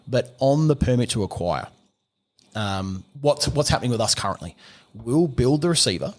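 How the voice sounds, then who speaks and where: Australian gunsmith guest, middle-aged man, rambling casual explainer who acts out dialogue, mid-pitched voice. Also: expressive, moderate pace. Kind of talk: casual podcast chat.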